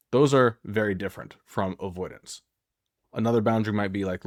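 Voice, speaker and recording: Firm, earnest low-voiced male coach. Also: steady tone, fast talker, no echo, clean studio sound. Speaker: infidelity recovery coach. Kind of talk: direct-to-camera advice talk.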